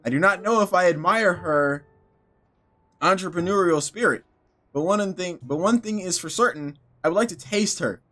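A cold, sinister gentleman's letter, read out by a man in a game, delivered in a measured way. Faint music sits behind the voice. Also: high voice. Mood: ominous.

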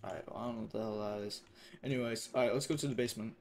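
A man giving casual, profane commentary while playing a game, swinging between mutters and excited shouts. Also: on the low side, very fast, a little hiss or hum. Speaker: gamer.

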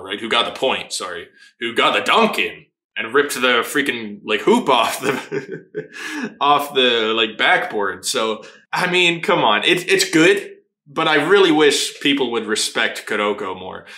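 A man hosting a casual anime reaction, excitable, laughing often and swearing freely as he watches. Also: mid-range voice, measured pace. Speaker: anime reaction channel host. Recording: roomy echo.

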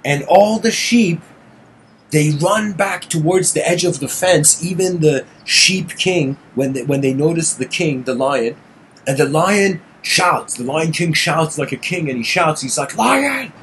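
A man's voice: fairly high pitch, a little slow, fairly bright tone, slight background noise, poor audio. A man lecturing in a casual, meandering storytelling way. He often restarts phrases and adds "you know".

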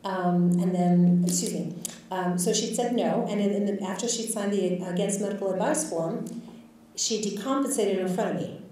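A woman's voice: medium pitch, moderate pace, dark tone, slight background noise. A woman physician telling a lecture audience about a patient, candid and reflective, with many filler words. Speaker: physician guest speaker. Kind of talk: storytelling in a lecture. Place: lecture hall. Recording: echoey lecture hall, far from mic.

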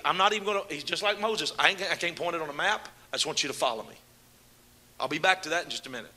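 He preaches fast and expressively, a fiery Pentecostal sermon that moves between shouted proclamations and low, chatty side remarks, with frequent calls out to his congregation.

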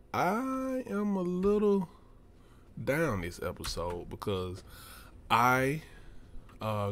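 A man's voice: fairly low pitch, slight background noise. A man with a Southern US accent, chatting casually and drawling while playing a survival game on his channel. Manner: laid-back, chatty, drawling. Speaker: let's play gamer. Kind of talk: casual gaming commentary.

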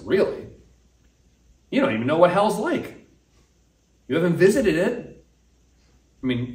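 A man's voice: mid-range voice, slight background noise. A man preaching a casual sermon as pastor, talking conversationally and acting out the voices he quotes. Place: church sanctuary. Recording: echoey room, mic at a distance.

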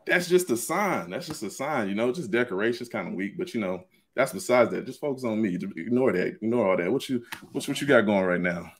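A man calling into a live dating show, smooth-talking and laid-back as he flirts. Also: lowish voice, lively intonation, brisk, few pauses, a little hiss or hum. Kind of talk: casual flirting chat.

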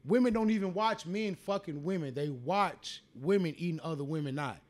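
A man co-hosting a podcast, bantering crudely and loudly, repeating lines for emphasis. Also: a little high, moderate pace. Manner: loud, boastful, repeats himself for emphasis. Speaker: podcast co-host.

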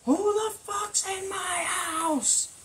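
A man voicing an angry woman who catches an intruder in her home, yelling at him shrilly. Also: extremely high pitch, fairly even intonation, very slow, slight background noise, pitched above the performer's own voice, heavily acted. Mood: furious.

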